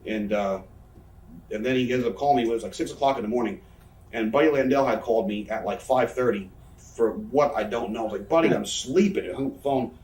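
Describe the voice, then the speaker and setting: Fast-talking man, roomy far-off sound. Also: medium pitch, a little mellow. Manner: rambling, profane, self-mocking anecdotes. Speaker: interviewee, professional wrestler. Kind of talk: casual storytelling interview. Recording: roomy room, mic set far off.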